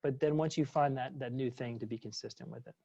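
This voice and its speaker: A man's voice: medium pitch, fast, creaky, mellow, highs cut off. A man, a former psychologist, presenting a webinar and answering questions in a chatty way, full of fillers and restarts.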